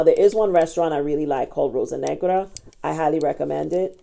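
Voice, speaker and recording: A woman's voice: low voice, creaky, mellow. A woman travel vlogger giving frank, opinionated, practical advice straight to camera.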